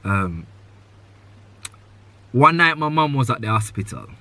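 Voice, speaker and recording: Bright, earnest man hosting a podcast. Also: mid-range voice, big pitch swings, measured pace. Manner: earnest, advice-giving, repeats key points; loose sentences with many "you know" fillers. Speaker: podcast host. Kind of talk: live podcast conversation with a guest.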